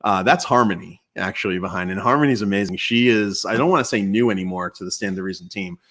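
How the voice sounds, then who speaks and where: Low-pitched man, casual live-stream host, chatty and relaxed, lots of ums and restarts. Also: quick pace. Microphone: external mic at home computer.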